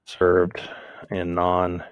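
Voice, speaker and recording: A man with a very low voice walks through an outline as he types it, thinking aloud and fixing his own slips as he goes. The sound is dry and close, as from a desktop mic with no room around it. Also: monotone, slow pace, clear, resonant tone, no echo, phone-quality sound. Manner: thinks aloud, self-corrects while typing. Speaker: teacher. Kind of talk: screen-recorded lesson on outlining notes.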